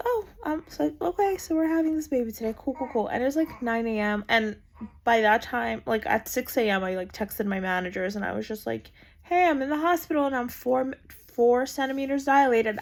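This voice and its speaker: Telling her birth story, a young adult vlogger speaks in a mid-range voice with vocal fry. She's casual and chatty, saying "like" constantly and performing the quoted voices.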